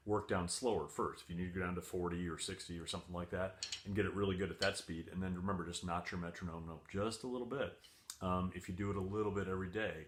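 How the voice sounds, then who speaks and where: Male percussion teacher, very low, forceful voice; patient, counts beats aloud; roomy echo. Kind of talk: home video music lesson for children. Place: room at home. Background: faint drumming on a table and books.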